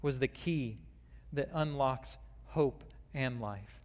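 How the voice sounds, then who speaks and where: Preacher in a reverberant sanctuary. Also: male voice, medium pitch, slow, darkish tone. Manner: reads a long quoted passage aloud, with fillers and restarts. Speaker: pastor. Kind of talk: sermon.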